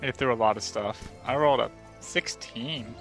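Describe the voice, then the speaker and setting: A man's voice: mid-range voice, moderate pace, fairly bright tone, soft background music. A man at a tabletop game states his character's move plainly. He keeps it brief and matter-of-fact. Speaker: player. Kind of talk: casual tabletop play.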